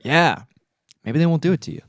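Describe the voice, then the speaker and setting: A young adult man co-hosting a podcast in casual chat, teasing his friend and quick to laugh. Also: fairly high pitch, lively intonation, no room sound, clean studio sound. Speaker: podcast co-host.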